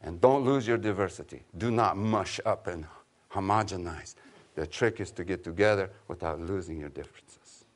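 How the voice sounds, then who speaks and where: A man giving an informal public talk to an audience, an animated storyteller who jokes and urges his listeners with a preacher's insistence. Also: low voice, moderate pace. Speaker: author and teacher giving a talk.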